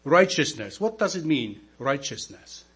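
Slow, husky-voiced preaching man. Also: on the high side, sing-song, a bit bright. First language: not English. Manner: slow, emphatic preaching with rhetorical questions to the congregation. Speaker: deacon. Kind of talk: sermon. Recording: mains hum in background.

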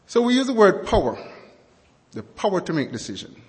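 A man preaching a sermon, speaking slowly and deliberately and repeating key words and definitions for emphasis. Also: high-pitched, very animated, big-room sound.

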